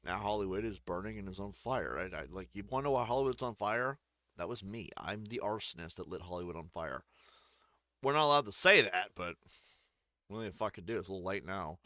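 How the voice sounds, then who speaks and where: A man's voice: low-pitched, animated, brisk, pushed and bright, no room sound, clean studio sound. A man giving rambling, joking, profane let's-play commentary while playing a game. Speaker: gaming streamer.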